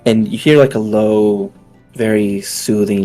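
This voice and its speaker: A young man as game master narrating a scene, halting and full of fillers. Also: on the low side, fairly even intonation, mellow, soft background music. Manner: hesitant, many fillers and restarts.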